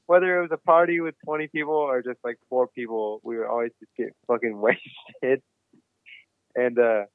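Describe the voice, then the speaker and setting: A man telling a wild story in a casual podcast chat, cursing freely and getting animated. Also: medium pitch, clean tone, no echo. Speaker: podcast guest. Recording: dry, phone-like remote line.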